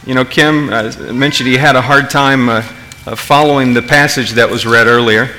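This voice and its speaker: Male pastor, casual sermon, forceful bright tone, halting restarts. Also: mid-range voice, fairly even intonation, a little hiss or hum. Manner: conversational, many restarts, asks the audience questions.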